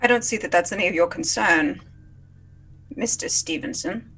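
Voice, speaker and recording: A woman voicing a stern male businessman who speaks in a sharp, accusatory way at a tabletop game. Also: fairly low pitch, moderate pace, slightly rough, faint music behind, low-quality recording. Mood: accusing.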